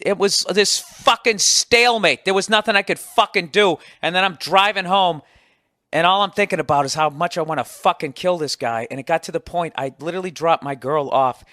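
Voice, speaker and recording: A man's voice: high-pitched, normal speed, no room sound, clean studio sound. Profane, ranting Boston man in his forties. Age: 40s. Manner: profane, exasperated storytelling with sudden loud outbursts. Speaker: podcast host. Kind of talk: ranting comic monologue.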